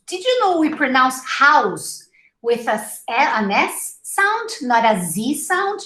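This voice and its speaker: Slow, lively woman teaching English. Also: fairly high pitch, reverberant, low-quality recording. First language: Portuguese. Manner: slow, drawn-out modeling of each word. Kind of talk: live online pronunciation class.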